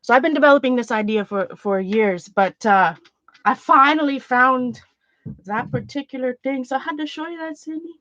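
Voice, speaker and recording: A woman's voice: high voice, normal speed, fairly bright tone, dry recording. A woman hosting a casual livestream from home, talking in an earnest, rambling, chatty way. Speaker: art channel host. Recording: dull lo-fi sound.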